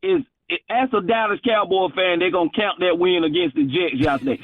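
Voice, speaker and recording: Emphatic man, high lively voice, phone-line caller. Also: a little fast, hardly any pauses. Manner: emphatic, folksy, repeats his points. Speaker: regular sports caller. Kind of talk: animated sports talk. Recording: dry, tinny phone line.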